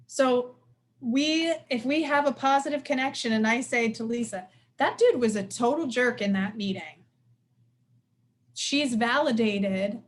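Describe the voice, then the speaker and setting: A woman in her forties giving a casual, lively workshop talk. She talks fast and acts out quoted voices with sudden jumps up in pitch. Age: 40s. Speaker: presenter of a workshop on stress. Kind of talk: casual live lecture.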